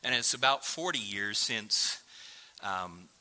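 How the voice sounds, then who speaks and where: A man's voice: lowish voice, lively intonation, takes it slowly, sharp tone. A man preaching a sermon in a conversational way, acting out the voices of the people he quotes. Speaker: pastor.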